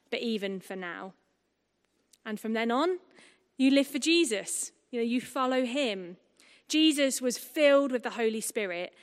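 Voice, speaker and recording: Lively woman preaching in a reverberant hall. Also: on the high side. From England. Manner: lively, conversational, with asides and humor. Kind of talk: sermon at a baptism service. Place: church hall.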